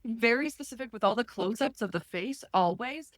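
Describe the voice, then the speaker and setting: Wry, halting woman podcast guest. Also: a little high, animated, no room sound, clean studio sound. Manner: halting, many restarts, wry. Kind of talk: casual chat.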